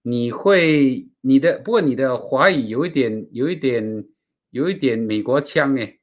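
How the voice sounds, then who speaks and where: Singaporean-accented man, casual chat, halting playful delivery, mid-pitched. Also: expressive, lo-fi sound. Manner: playful, halting, loose Singlish phrasing.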